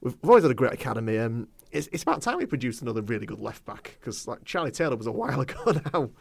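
Male co-host, quick and opinionated, mid-pitched, dry close recording. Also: very animated, creaky, dry recording. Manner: chatty, laughs often, opinionated. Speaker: podcast co-host. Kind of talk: casual football podcast chat.

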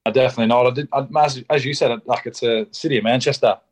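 A man's voice: medium pitch, fairly even intonation, fast, low-quality recording. A young Australian man, a rugby league player, talking candidly as a podcast guest, casual and blunt, with lots of ums, restarts and swearing. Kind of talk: candid interview chat.

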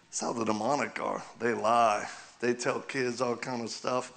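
A man's voice: mid-range voice, little pitch movement, moderate pace, vocal fry, fairly bright tone. A man preaching a humorous sermon in a church, telling stories, asking the crowd questions and laughing often. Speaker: guest preacher. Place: church sanctuary.

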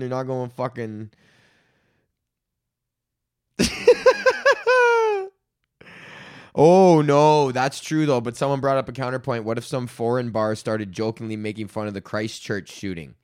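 A man hosting his own podcast in a casual ranting monologue, swearing constantly, rambling and laughing often. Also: medium pitch. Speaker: podcast host.

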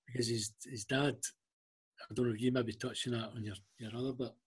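A Scottish man guest in an interview, telling personal stories haltingly, with frequent ums and restarts. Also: mid-range voice, little pitch movement, slightly rough. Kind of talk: emotional storytelling interview.

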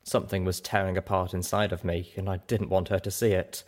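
A man narrating a story aloud as an audiobook reader, with an expressive, dramatic delivery. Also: sits low, fairly quick. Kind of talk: scripted narration.

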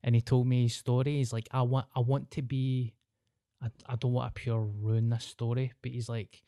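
A man's voice: medium pitch, level tone, moderate pace, dark tone, no room sound. Man, glaswegian accent, podcast host, casual storytelling, swears a lot, dry recording. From Scotland. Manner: swears freely, laughs through the story.

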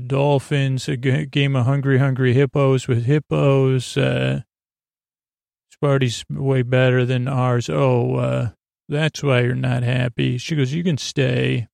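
Male podcast host, rambling sleepy recap, raspy fry in the voice, dead-dry booth sound. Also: medium pitch, darkish tone, no room sound. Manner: rambling, loose retelling with many fillers. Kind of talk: lulling bedtime recap of a TV episode.

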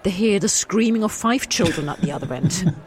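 A man's voice: high voice, animated, a little fast. A man narrating an improvised comic story, playful and often laughing.

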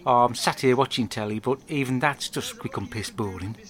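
A man with an English accent telling a crude comic diary monologue, rambling and deadpan. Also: medium pitch, normal speed. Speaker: podcast host.

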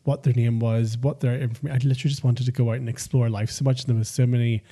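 A man co-hosting a podcast, chatting casually and reacting quickly to his friend's stories. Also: medium pitch, flat delivery, mellow, breathy edge. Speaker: podcast co-host. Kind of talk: casual chat.

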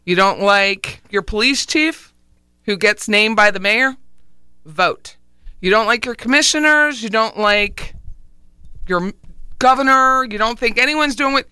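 A woman's voice: a little high, unhurried, bright, forceful tone, smooth, dry recording. A woman with a Philadelphia accent hosting a casual radio talk show, chatty and emphatic. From Philadelphia area. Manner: chatty, emphatic, repeats one word for punch. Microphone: studio microphone, also streamed live online.

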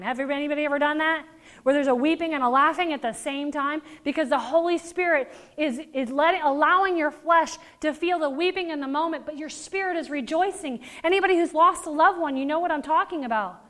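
Woman preacher, high bright voice, impassioned sermon with call-and-response. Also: a little fast. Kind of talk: sermon with prayer.

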